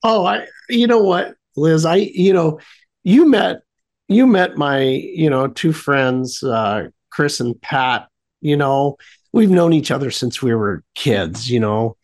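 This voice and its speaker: A man telling a casual story as a radio show guest, rambling with many fillers and restarts, animated at the fun parts. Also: a little high, slow pace.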